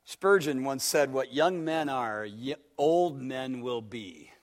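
A man's voice: mid-range voice, takes it slowly. A man preaching a sermon as pastor, pressing his listeners with repeated rhetorical questions and acting out a story in quoted dialogue.

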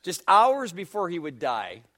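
Male pastor, high-pitched and highly animated sermon delivery full of rhetorical questions. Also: measured pace. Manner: preaching with rising fervor, rhetorical questions; acts out a story with quoted dialogue.

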